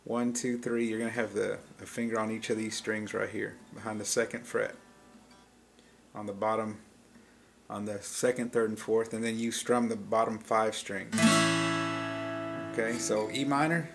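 A man's voice: on the low side, little pitch movement, normal speed, creaky. A man giving a casual step-by-step guitar lesson, explaining chord shapes plainly and easygoingly. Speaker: guitar teacher. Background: acoustic guitar being played.

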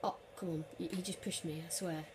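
A woman casually commentating her own football video game. She swears freely, mutters under her breath, and erupts into shouts at big plays. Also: lowish voice, fairly even intonation, brisk, slight background noise. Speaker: gaming commentator.

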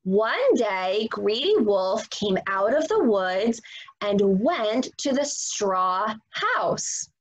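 A woman teacher reading a story aloud to young children, animated and expressive. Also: medium pitch, very slow, low-quality recording. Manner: animated, expressive, gasping for effect.

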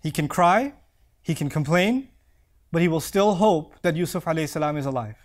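A middle-aged man giving an earnest, heartfelt sermon, reciting Arabic verses quickly and dropping to soft low tones. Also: animated. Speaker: preacher.

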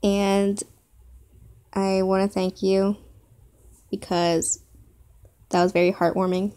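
A woman talking to her viewers in a reaction video, tearful and giggly, speaking haltingly as she tries to hold back crying. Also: medium pitch, flat delivery, dark tone. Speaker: youtuber.

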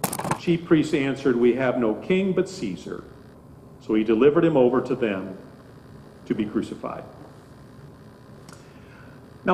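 A man with a slightly high voice reads scripture and preaches a brief sermon in a measured, solemn manner. His voice rings through a church with a long, roomy reverb, and a faint ambient hum sits underneath. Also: darkish tone. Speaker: pastor. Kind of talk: scripture reading and short sermon. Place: church sanctuary.

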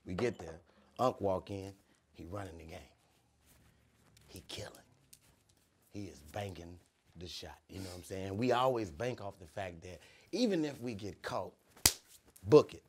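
A young man telling comedic stories on a podcast, animated and slipping into character voices. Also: low voice, measured pace, long pauses, slight background noise. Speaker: podcast host. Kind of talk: comedic storytelling.

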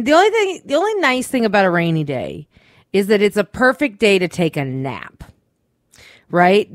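A woman co-hosting a radio show, telling a weekend story in casual, swearing, animated chat. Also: mid-range voice, dry recording, clean studio sound. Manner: chatty storyteller, swears freely, acts out quotes.

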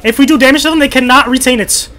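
A young man streaming a team shooter game, trash-talking his friend with crude jokes and sudden excited yells. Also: extremely high pitch, rapid-fire. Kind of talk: casual gaming chat.

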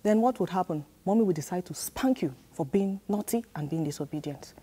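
A woman's voice: lowish voice, animated, fairly quick, mellow, breathy edge. A woman teaching a children's church sermon, repeating key lines and prompting the children to answer and repeat after her. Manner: repetitive, emphatic, call-and-response prompts.

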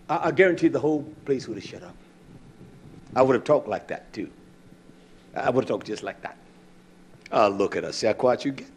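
A man preaching a fiery sermon, swinging between shouted declarations and hushed asides, acting out conversations. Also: mid-range voice, lively intonation, a little fast, pauses often, slight background noise.

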